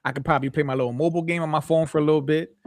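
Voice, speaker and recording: A man co-hosting a podcast who fires off his points at a rapid clip. His voice sits a bit high and comes across emphatic and animated. The recording is dry and close. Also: dry recording. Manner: emphatic, rapid and animated, with repeated rhetorical questions. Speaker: podcast co-host. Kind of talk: casual chat.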